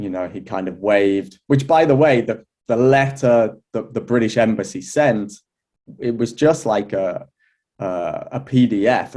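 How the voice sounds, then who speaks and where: A man, an astrology teacher, telling a personal story in a relaxed, chatty way, with many fillers, restarts and an occasional laugh. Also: on the low side. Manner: laughs now and then. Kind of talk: relaxed anecdotal talk.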